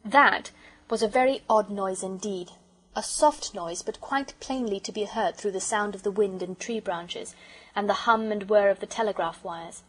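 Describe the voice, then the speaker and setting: A woman reads a children's audiobook aloud, gentle and measured in her telling. Her voice is husky and breathy, sitting at an ordinary middle pitch. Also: low-quality recording. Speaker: audiobook narrator.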